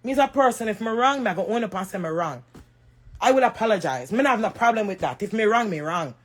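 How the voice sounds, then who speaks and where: A woman's voice: medium pitch, expressive, quick pace. A Jamaican woman in an emotional, crying rant on a livestream, emphatic and repetitive, raising her voice at times. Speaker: social media personality.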